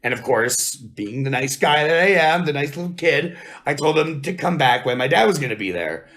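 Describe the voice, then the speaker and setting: Man in his 30s, podcast co-host, animated storyteller, slightly high, swears a lot. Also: moderate pace. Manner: laughing storyteller, swears freely, quotes people in changed voices. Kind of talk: casual chat.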